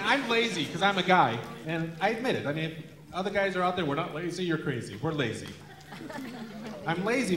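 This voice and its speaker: Man, stand-up comedian, very animated delivery, self-mocking, crowd laughing loudly. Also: on the high side. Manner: self-deprecating, acts out voices. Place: stage at a benefit show. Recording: echoey hall with laughing crowd. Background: audience laughter.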